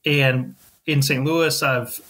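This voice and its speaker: A man's voice: mid-range voice, steady tone, slow, fairly bright tone. A man from Missouri, a sports columnist, chatting as a podcast guest, rambling and correcting himself as he goes. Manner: rambling, self-correcting, chuckles often. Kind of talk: casual podcast interview.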